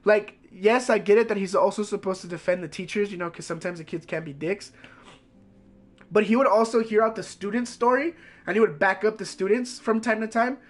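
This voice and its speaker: A man streamer telling a story in a casual, animated way, swearing constantly and packing his lines with fillers. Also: high-pitched, brisk.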